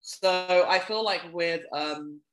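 A blunt, gossipy podcast co-host chats casually in a mid-range voice at a slow pace, growing animated when worked up. The room adds a noticeable echo.

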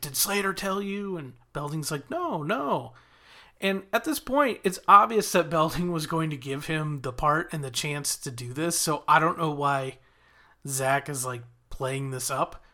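A man casually retelling a TV episode, voicing snippets of the characters' dialogue along the way. His voice sits a little high and sounds bright and forward. The delivery is chatty and animated. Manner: animated retelling with quoted lines. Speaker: podcast host recapping a TV episode.

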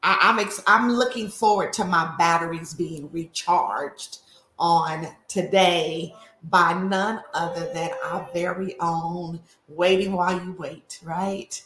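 A woman's voice: fairly low pitch, steady tone, takes it slowly, fairly bright tone, echoey room, slight background noise. A woman hosting a prayer call, fervently reciting scripture and greeting listeners with repeated phrases. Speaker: host of a women's prayer call.

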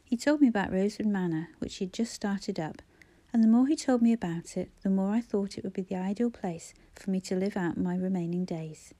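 A woman voicing a frail, dying woman who speaks softly and tenderly, often near a whisper. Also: medium pitch, brisk, dry recording, lightly acted. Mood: resolute.

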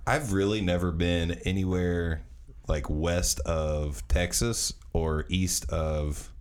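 A man's voice: sits low, steady tone, takes it slowly, clean tone. A man hosting his long-running casual podcast, rambling and restarting his sentences in a laid-back way. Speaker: podcast host.

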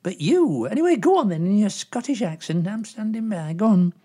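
A woman's voice: medium pitch, sing-song, fairly quick, warm tone, breathy edge. A woman playing a rambling gossipy old agony aunt. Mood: chatty. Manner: rambling, full of "you know" and asides. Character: gossipy older woman agony aunt, prim but cheeky. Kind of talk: comedy sketch chat.

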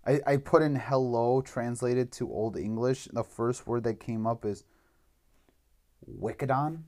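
A man's voice: medium pitch, measured pace, mellow. A man co-hosting a casual podcast chat, reading facts aloud from his phone and laughing easily. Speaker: podcast co-host.

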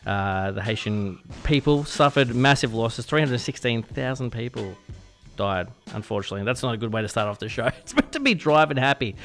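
A man's voice: medium pitch, brisk, a bit bright, soft background music. A young Australian man hosting a casual radio show, chatty and self-deprecating, sometimes stumbling over his words. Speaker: radio host. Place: radio studio.

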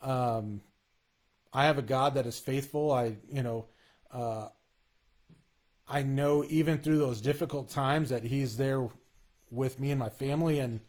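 A man in a casual, earnest conversation about faith, talking in halting bursts with frequent restarts. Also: mid-range voice, darkish tone.

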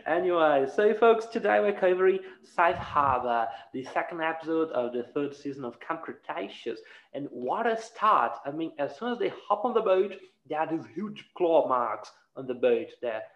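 A talkative man hosting a casual podcast, laughing often and throwing in animated asides. His voice sits a touch high. The recording is dull and lo-fi, with a roomy echo around him. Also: normal speed. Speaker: podcast host.

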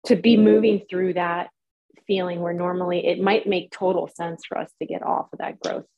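A woman co-hosting a podcast, telling a rambling, animated story in casual chat. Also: fairly low pitch, moderate pace, dull audio. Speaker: podcast co-host.

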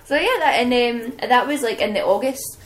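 Woman, young adult, lively storyteller, faint hiss behind. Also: fairly high pitch, moderate pace, poor audio. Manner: lively, laughs often, acts out quotes. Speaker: guest, professional wrestler. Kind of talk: casual anecdotal storytelling.

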